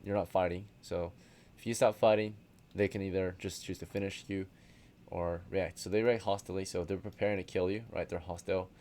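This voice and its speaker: A man's voice: low voice, fairly even intonation, fairly quick, a little mellow. A man running a tabletop game as game master, casual and often checking in with the players.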